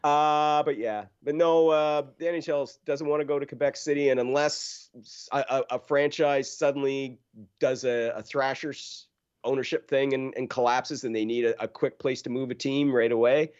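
A man co-hosting a casual sports podcast at an even middle pitch. He talks loosely and swears without thinking about it. The sound is dull and lo-fi. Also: moderate pace, clean tone. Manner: loose, profane, laughs often. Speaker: podcast co-host.

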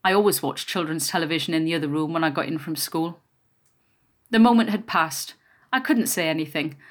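A woman's voice: sits low, brisk. Woman reading a memoir aloud. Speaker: narrator. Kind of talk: first-person memoir reading.

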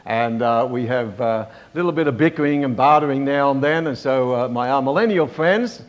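Halting preacher man, lo-fi recording. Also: medium pitch. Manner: halting, with many fillers and restarts; asks the congregation for amens. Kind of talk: sermon, Bible teaching. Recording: dull lo-fi recording.

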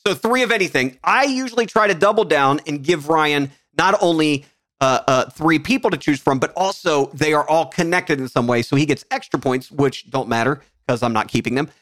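A man co-hosting a casual podcast, talking in animated banter, swearing freely and dropping into quick mock voices. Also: fairly high pitch, dry recording. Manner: animated, swears often, mimics voices for jokes. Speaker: podcast co-host.

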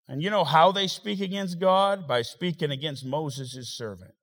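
A man preaching a sermon as pastor, swinging between loud rising exhortation and quiet, wry asides. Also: fairly high pitch, moderate pace, few pauses. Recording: long hall reverb.

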